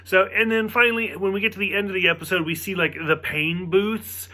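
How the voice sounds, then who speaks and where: A man's voice: sits high, fairly even intonation, brisk, sharp tone. A man giving a casual spoken review of a TV episode, rambling with lots of "like" fillers and sounding exasperated.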